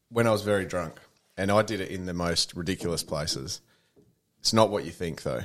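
Australian man, very deep voice, casual chat, dry teasing jokes. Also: moderate pace, a bit bright. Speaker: podcast co-host.

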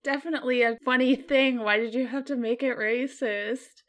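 A woman's voice: a little high, steady tone, moderate pace, fairly bright tone. A woman co-hosting a casual chat show, reading posts aloud and breaking off with laughing asides. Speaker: podcast co-host.

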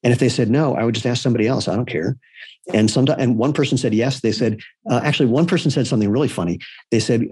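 A man's voice: medium pitch, rapid-fire, a little mellow, slightly rough, no room sound. A man talking casually as a podcast guest, blunt and irreverent, telling personal stories. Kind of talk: casual conversation.

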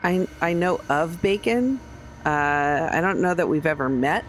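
A tabletop game player speaking in character, arguing back with defiance. The voice sits at a middle pitch for its type. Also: unhurried, a little hiss or hum. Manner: defiant, argumentative. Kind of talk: in-character tabletop role-play.

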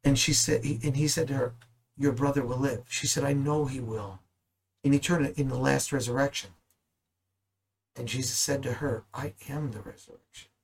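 A man's voice: medium pitch, steady tone, moderate pace, rough recording. A man teaching the Bible in a conversational way, earnest and at times emphatic. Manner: earnest, rising to emphatic bursts.

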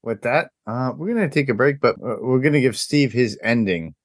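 Lively-voiced podcast host, dry sound. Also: male voice, medium pitch, moderate pace, no room sound. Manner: loose, segue-style hosting. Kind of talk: casual podcast chat.

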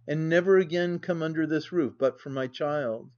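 A wronged young wife speaks coldly and with dignity, voiced by a man reading aloud. The voice sits a touch high and stays controlled and measured. The recording is dull and lo-fi. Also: a little mellow, lightly acted.

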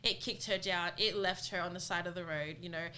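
A woman's voice: fairly low pitch, fairly even intonation, fairly quick, pushed and bright, a little hiss or hum. A woman co-hosting a podcast, talking earnestly and from the heart in a candid conversation. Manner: earnest, heartfelt, retells friend's words. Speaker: podcast co-host.

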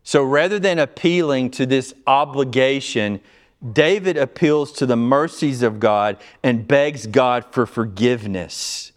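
A man's voice: medium pitch, a little slow. Earnest man teaching a Bible study. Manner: earnest, emphatic, asks the group questions. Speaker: pastor. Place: small group gathering.

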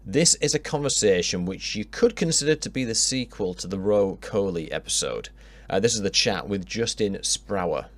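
A man's voice: lowish voice, expressive, normal speed. A man with a Yorkshire accent hosting a casual podcast interview, chatty and swearing freely. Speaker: podcast host.

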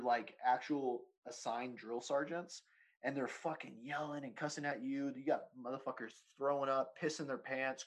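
In a rough recording, a man in his thirties with a mid-range voice tells a story during casual chat. He rambles, swears, laughs a lot, and says "dude" constantly.

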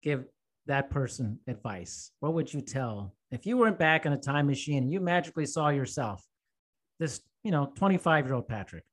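A man's voice: fairly high pitch, lively intonation, normal speed, fairly bright tone. A man hosting a podcast who asks encouraging open questions. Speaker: podcast host. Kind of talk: casual interview chat.

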